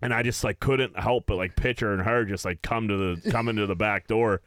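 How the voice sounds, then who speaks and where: A man's voice: lowish voice, fairly even intonation, brisk, fairly bright tone, no echo, studio quality. A man co-hosting a casual podcast, telling crude stories with lots of animation. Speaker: podcast co-host.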